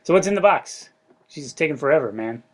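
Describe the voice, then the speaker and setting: A man's voice: a little high, expressive, quick pace, a little hiss or hum. A man chatting casually with a playful, teasing manner. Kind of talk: casual chat.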